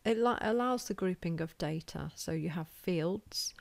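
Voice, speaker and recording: Relaxed British woman lecturing, gravelly voice. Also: fairly low pitch, measured pace, no echo. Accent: British English. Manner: informal, self-deprecating, thinks aloud while drawing. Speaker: college lecturer. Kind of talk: recorded whiteboard lecture.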